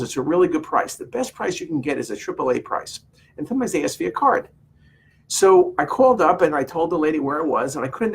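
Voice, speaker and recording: Man, husky voice, rambling exasperated anecdote, casual vlog. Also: high voice, fairly bright tone. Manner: rambling, exasperated storytelling with quoted exchanges. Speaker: vlogger telling a personal story.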